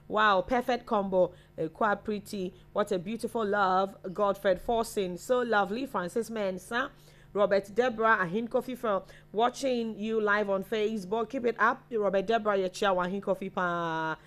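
A woman's voice: mid-range voice, normal speed, a bit bright. A Ghanaian woman co-hosting a live online chat show, chatting as she reads out viewer names and messages. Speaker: co-host reading viewer comments.

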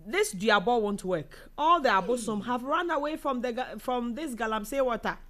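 Her voice a little high and her speed normal, a young woman with a Ghanaian accent reads viewer comments on her casual live show. She's lively and talkative and laughs a lot.

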